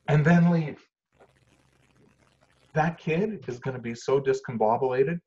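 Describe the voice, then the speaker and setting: Animated man, dull lo-fi sound. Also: medium pitch, unhurried, long pauses. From Canada. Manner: lively, acts out scenes with shifting voice and volume. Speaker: parenting expert, workshop leader. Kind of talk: animated storytelling explanation.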